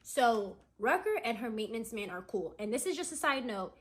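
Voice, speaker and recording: A woman's voice: on the high side, sing-song, moderate pace, fairly bright tone. A young adult woman casually retelling a dramatic true story, chatty and full of "like" and "right?" asides. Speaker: storytime creator.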